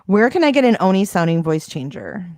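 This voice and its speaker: A woman's voice: mid-range voice, big pitch swings, fairly quick, a little mellow, no room sound, clean studio sound. A woman hosting a casual livestream, answering viewer comments in a sarcastic, defensive way. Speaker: livestream host.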